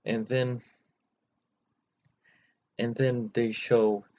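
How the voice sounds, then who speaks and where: A man casually recapping cartoon episodes without a script, rambling and halting with many restarts, in a dull lo-fi recording. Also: mid-range voice, little pitch movement, dark tone. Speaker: channel host recapping episodes. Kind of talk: unscripted recap. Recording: dull lo-fi recording, faint noise.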